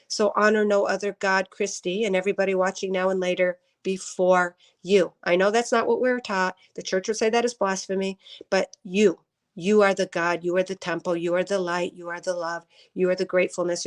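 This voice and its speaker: Woman, live-stream intuitive reader, chatty, laughs a lot, mid-pitched, greets viewers by name. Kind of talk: casual live-stream spiritual reading.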